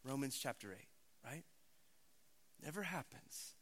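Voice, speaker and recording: A man's voice: medium pitch, animated, unhurried, fairly bright tone, husky. A man in his thirties, a pastor giving a conversational, emphatic sermon.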